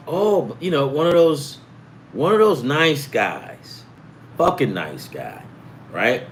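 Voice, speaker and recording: Animated, profane middle-aged man rambling. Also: mid-range voice, slow, long pauses, slight background noise. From US East Coast. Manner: profane, animated, acts out quoted voices. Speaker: sports betting show host. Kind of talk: rambling casual storytelling. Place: home in California.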